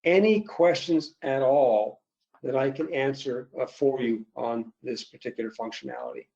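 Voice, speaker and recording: Mellow-voiced man demoing software. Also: medium pitch, moderate pace, lo-fi sound. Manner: explanatory, steady walkthrough with fillers. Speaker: software demo presenter. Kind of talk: webinar product demo.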